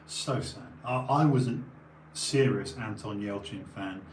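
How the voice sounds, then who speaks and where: At a measured pace, a man with a lowish voice talks casually on stream, sniffly and worn out, constantly digressing and starting over. Faint background noise and room echo are audible.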